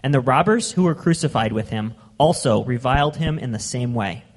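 A man reading scripture aloud in a church service, at a steady, measured pace. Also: medium pitch, husky, long reverb tail. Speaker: scripture reader.

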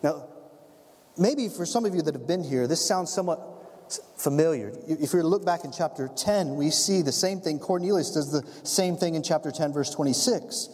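A man preaching a sermon as a pastor, telling the story in an animated way and acting out the scenes. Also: a little high, moderate pace. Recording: long hall reverb.

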